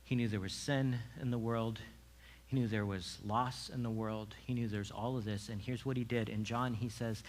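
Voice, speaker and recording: A male pastor preaching a sermon in a casual, animated way, full of asides and quick restarts. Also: fairly low pitch, slight background noise.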